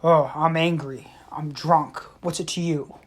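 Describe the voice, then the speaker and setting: A woman's voice: low-pitched, fairly even intonation, measured pace. A woman doing an angry drunk man.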